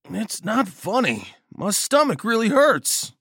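A man's voice: fairly high pitch, huge pitch swings, a little slow, husky, no echo, clean studio sound, pitched above the performer's own voice, exaggerated voice. A man voicing a tough male friend who has been wounded, groaning and swearing in pain. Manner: groaning, crude.

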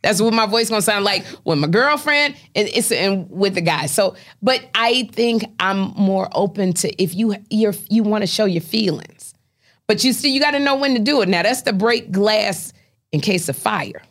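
A woman's voice: medium pitch, expressive, moderate pace, fairly bright tone. A middle-aged woman, a comedian, chatting in an interview and telling colloquial stories with punchy asides. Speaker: talk show host and comedian, interview guest. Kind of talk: casual interview chat.

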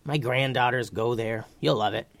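A man voicing a quick-witted grandmother figure in a storybook, brisk and matter-of-fact. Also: mid-range voice, steady tone, gravelly, dry recording, close to an everyday voice.

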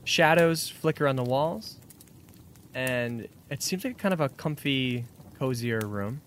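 A man's voice: medium pitch, expressive, unhurried, fairly bright tone, a little hiss or hum. A man narrating scenes as game master of a tabletop game, in a descriptive, scene-setting manner.

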